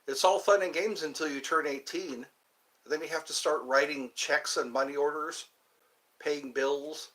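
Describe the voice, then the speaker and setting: A man hosting a casual livestream, rambling and answering viewer comments with halting fillers. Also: on the high side, fairly bright tone. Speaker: livestream host. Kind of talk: casual live chat with viewers.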